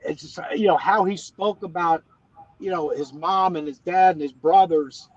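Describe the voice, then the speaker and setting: A man's voice: sits high, moderate pace, no echo. Man, from West Virginia, middle-aged, folksy rambling storyteller, dull dry lo-fi sound. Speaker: guest, former ballplayer. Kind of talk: casual interview chat.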